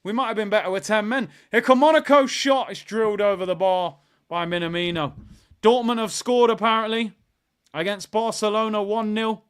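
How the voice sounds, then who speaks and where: A young man hosting a live football watchalong, chatty and excitable, bursting into shouts at big moments. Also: sits high, normal speed, smooth.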